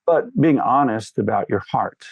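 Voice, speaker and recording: A man's voice: medium pitch, expressive, moderate pace, vocal fry, husky, no room sound. A middle-aged man talking earnestly in an interview, telling stories in a fatherly way. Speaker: guest. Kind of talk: candid interview talk.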